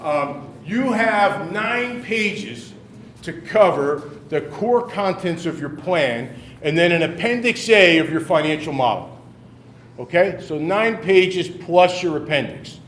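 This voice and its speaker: A man leading a classroom workshop, running an upbeat, brisk roll call of teams. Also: on the high side, expressive, fairly bright tone, slight background noise. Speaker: workshop leader. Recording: echoey room from far off.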